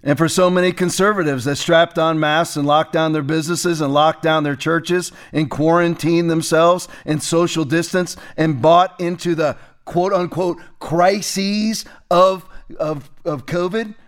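A man's voice: on the high side, steady tone, measured pace. A man hosting a political commentary show, speaking emphatically and pointedly. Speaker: host.

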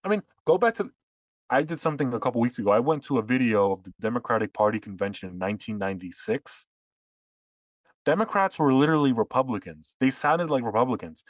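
A man's voice: mid-range voice, animated, fast talker, no echo, rough recording. A man co-hosting a political podcast who talks in long, sarcastic runs with frequent restarts. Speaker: podcast co-host. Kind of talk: casual political chat.

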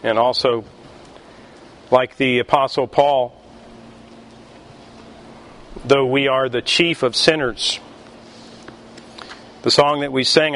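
A male pastor preaching a sermon, emphatic and deliberate, with pauses between phrases. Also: medium pitch, fairly even intonation, fairly bright tone, a little hiss or hum.

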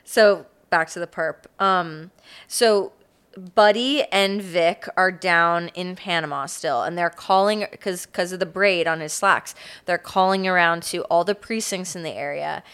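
A woman with a low, smooth and clear voice, talking through a crime case in a relaxed podcast chat. She fills her sentences with "like" and keeps a loose, easy storytelling rhythm. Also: measured pace. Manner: laid-back storytelling, frequent "like". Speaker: podcast co-host telling the case. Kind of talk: casual true-crime chat.

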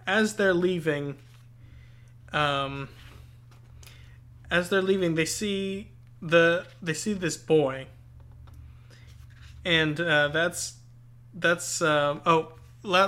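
A man with a slightly high, bright, forceful voice chats casually about a book. His talk is thoughtful but rambling, with lots of restarts and searching for words as he works through his points. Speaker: podcast co-host.

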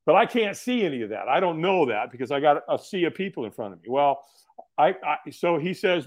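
Lively high-voiced man telling a story. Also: a little fast. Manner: animated storyteller who acts out quoted voices, laughs often, swears casually. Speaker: podcast guest. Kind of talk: casual storytelling interview.

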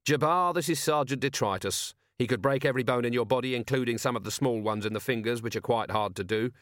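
A man's voice: medium pitch, fast, fairly bright tone, no room sound, clean studio sound, close to an everyday voice. Vimes, a man doing a terse, wary commander. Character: gruff middle-aged male police commander, uneasy.

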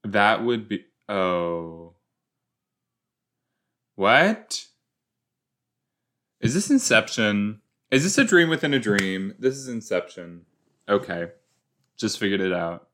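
Young man, low voice, slow drawl, joking reaction commentary, rambling asides. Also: very animated, a bit bright. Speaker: show reaction host. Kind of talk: casual episode reaction commentary.

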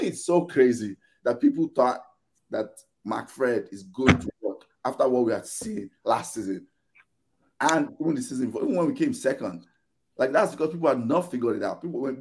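A man with a mid-range voice, heard over slight background noise, chats casually on a podcast panel. Animated and exasperated, he rants while performing both sides of arguments as quoted back-and-forth.

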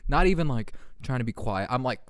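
A man in his early twenties hosting a podcast, telling a story in a casual, profane, animated way and laughing often. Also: medium pitch, a little fast, clear, resonant tone, no echo, studio quality. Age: early 20s. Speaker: podcast host.

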